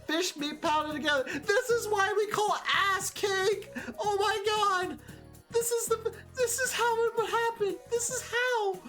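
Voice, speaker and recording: A woman's voice: very high-pitched, measured pace, a bit bright, faint music behind. A woman streamer chatting casually while she games. She swears freely, repeats herself and laughs a lot. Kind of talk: casual live-stream chat while gaming.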